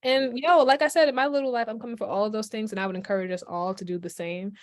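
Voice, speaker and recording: A woman's voice: on the high side, quick pace, dry recording, clean studio sound. A woman from Brooklyn, chatting animatedly as a guest on a video call, full of "like" and "yo". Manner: animated, lots of "like" and "yo", laughs often. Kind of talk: casual chat on a video call.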